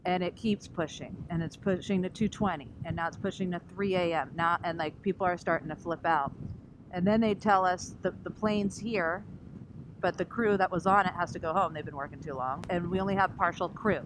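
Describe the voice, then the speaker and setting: Lowish woman's voice, chatty vlog story, does the other people's voices, noisy with car sounds behind. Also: brisk. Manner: animated, acts out other people's lines. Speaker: vlogger. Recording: noisy recording with vehicle sounds.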